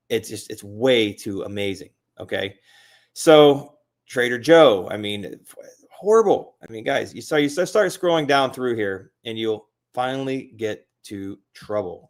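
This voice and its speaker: A man hosting a casual crypto video, talking through his screen with excitable, rambling commentary, full of fillers and repeats. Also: fairly low pitch.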